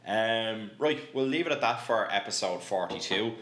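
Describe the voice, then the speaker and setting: Deep-voiced male podcast host, joking. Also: lively intonation, moderate pace, a bit bright. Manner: joking, swears freely. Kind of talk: casual chat.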